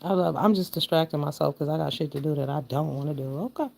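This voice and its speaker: A woman around fifty chatting casually with her livestream viewers, swinging between loud exclamations and low mutters. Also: fast talker, vocal fry. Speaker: livestream host.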